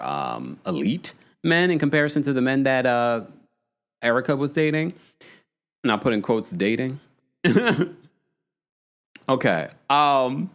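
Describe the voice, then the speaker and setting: A young man hosting a casual, gossipy reality TV recap, reading out live chat and laughing often. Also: mid-range voice. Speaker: podcast host.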